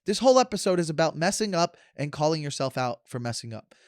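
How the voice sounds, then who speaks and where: A man's voice: fairly high pitch, expressive, quick pace, no room sound, clean studio sound. A man in his thirties hosting a podcast, sarcastic and joking as he wanders from tangent to tangent in casual chat. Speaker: podcast host. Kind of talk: casual rambling monologue.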